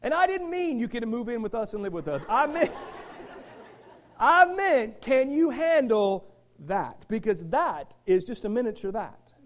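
Brief: middle-aged male pastor, high lively voice, fiery sermon with chatty asides. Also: moderate pace, a faint crowd, slight background noise. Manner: animated preaching, swings from shouting to quiet asides with the congregation.

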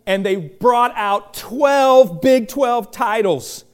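A middle-aged male pastor preaching a sermon, chatty and joking, swinging from quiet asides to loud shouted bursts. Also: extremely high pitch, expressive, extremely slow, clean tone, faint music behind. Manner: chatty, joking storyteller with many restarts.

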